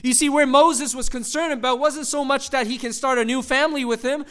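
A man's voice: very high voice, steady tone, fairly quick, fairly bright tone, clear, resonant tone. A man preaching a sermon, reading scripture aloud and acting out the quoted voices with animation. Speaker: pastor.

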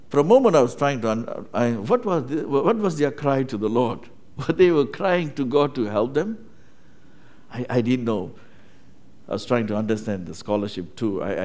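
In a slightly mellow, medium-pitched voice, a man delivers his sermon like a conversation. He often turns to his listeners with tag questions to check in.

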